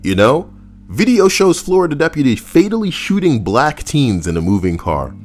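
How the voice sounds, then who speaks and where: A man's voice: on the high side, sing-song, normal speed, darkish tone, faint music behind. A man hosting a live reaction stream, chatting casually and wryly and talking back to his viewers. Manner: wry, chatty, talks back to chat.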